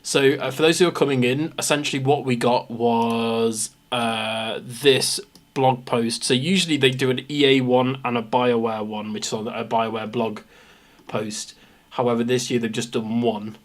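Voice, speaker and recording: A man's voice: medium pitch, fairly even intonation, normal speed. A young man from England with a Midlands accent, chatting through a live reaction stream, rambling and poking fun at himself. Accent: English Midlands. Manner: rambling, self-mocking, jumps between topics.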